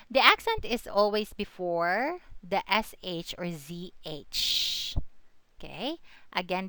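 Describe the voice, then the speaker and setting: A woman teaching a lesson on word stress, speaking slowly and patiently, saying each example word twice, thinking aloud with fillers and small self-corrections. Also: fairly low pitch, pushed and bright, dry recording. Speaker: student teacher presenting a lesson.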